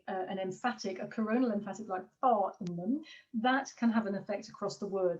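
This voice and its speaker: A woman's voice: mid-range voice, a little mellow. A woman lecturer giving an academic seminar talk, hesitant with many fillers. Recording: distant muffled online talk recording.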